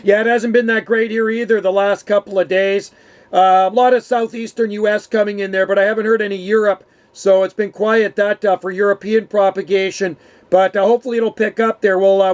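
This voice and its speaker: A man in his fifties from Canada, a ham radio operator chatting over the air and reading out call signs in a relaxed, friendly way. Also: high-pitched. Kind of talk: amateur radio contact.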